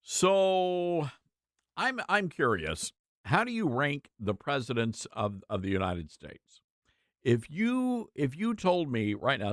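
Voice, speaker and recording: A man hosting a talk show, giving opinionated commentary in an animated, mocking way. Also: medium pitch, measured pace, dry recording, clean studio sound. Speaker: radio talk show host.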